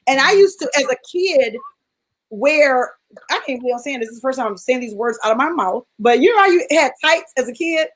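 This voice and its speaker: A woman talks in a relaxed panel chat. She tells her story with feeling and acts out the voices of the people in it. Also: high voice, a little fast, low-quality recording. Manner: animated storytelling, acting out quoted voices. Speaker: panelist sharing a personal story. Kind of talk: casual chat.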